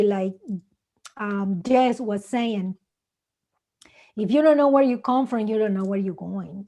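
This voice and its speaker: A woman from Mexico whose first language is Spanish speaks English with a Mexican accent, telling animated stories in simple, non-native English on a conference panel. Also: mid-range voice, vocal fry. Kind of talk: casual panel talk.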